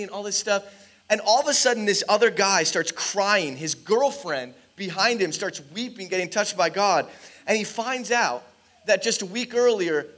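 High-voiced man preaching an animated sermon. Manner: animated storytelling, acts out quoted dialogue. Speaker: pastor. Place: church.

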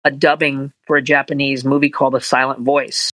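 A man being interviewed as a voice actor, telling animated anecdotes and acting out quotes in higher voices. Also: fairly quick, no room sound, low-quality recording. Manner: animated storyteller, acts out quotes in high voices. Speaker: voice actor guest.

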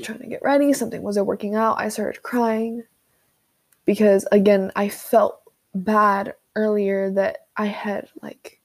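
A young woman venting in an unscripted monologue, halting with frequent fillers and pauses, recorded on a phone voice memo. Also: medium pitch. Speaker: vlogger.

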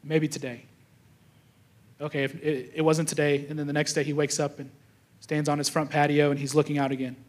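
A young adult man preaching as a pastor talks fast in a high-leaning, monotone voice. His sermon leans on casual storytelling, where he acts out people's thoughts and frequently restarts.

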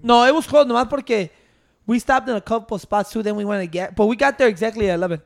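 Guy on a podcast, really high voice with a gravelly rasp, swearing and ranting about fishing trips. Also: quick pace. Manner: animated storytelling, heavy swearing, code-switching. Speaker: podcast co-host. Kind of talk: casual banter.

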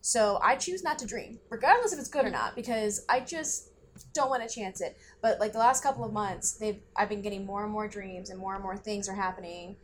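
A young woman talks through a podcast story in loose, rambling chat, dropping fillers and swear words as she goes. Her voice sits at an ordinary pitch, with a faint hiss underneath the recording. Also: fairly quick. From grew up in the country. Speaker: podcast co-host. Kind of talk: casual chat.

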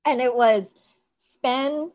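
A woman telling a story with lots of laughter, casual and animated, as a guest shop owner. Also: high-pitched, extremely slow.

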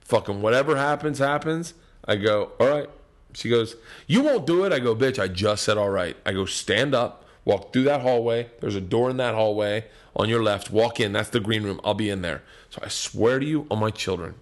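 A middle-aged man telling wild stand-up stories in a casual, profane talk, swinging between loud and hushed. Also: fairly low pitch, moderate pace. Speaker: guest comedian. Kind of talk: casual podcast storytelling.

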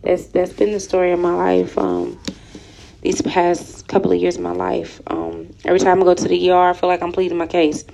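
A woman in her thirties, from Houston, Texas, reading aloud from her own written story and adding personal comments, soft and halting with many ums. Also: fairly low pitch, completely flat delivery, gravelly, slight background noise, poor audio. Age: 30s. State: emotional, near tears.

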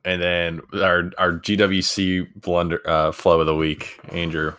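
A man with a low voice co-hosts a casual podcast, chiming in with easy agreement and short reactions. He sounds relaxed and chatty. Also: a little slow, clear, resonant tone. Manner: relaxed, agreeable, laughs along. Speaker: podcast co-host.

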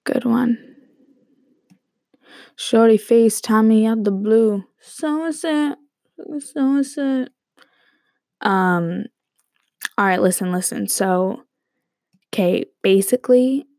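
A woman's voice: mid-range voice, fairly even intonation, takes it slowly, vocal fry, pauses often, darkish tone, no room sound, studio quality. A young woman hosting her own podcast, rambling casually with lots of "like" and "um". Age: young adult. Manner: chatty and rambling, many likes and ums. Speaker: podcast host. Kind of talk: solo casual podcast chat.

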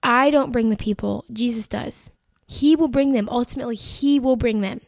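Chatty high-voiced woman, dry sound. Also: moderate pace, creaky, no echo. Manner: chatty, animated, full of "like" and "you know". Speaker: Christian content creator. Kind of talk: casual faith-based storytelling.

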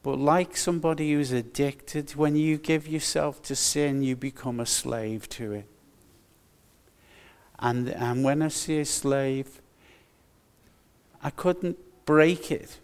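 An older man delivers a sermon in an earnest, emphatic way. He speaks slowly, with a slightly raised pitch, and leans on repeated phrases. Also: a little mellow, smooth. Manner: earnest, slow and emphatic with repetitions. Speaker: preacher.

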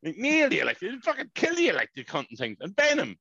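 A man rants through a story with lots of swearing, his voice jumping up and down in a high register. The sound is dry and dull, like a lo-fi podcast mic. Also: fairly quick, vocal fry, dry recording. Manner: animated, swearing, ranting storyteller. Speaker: podcast co-host. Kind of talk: casual chat.

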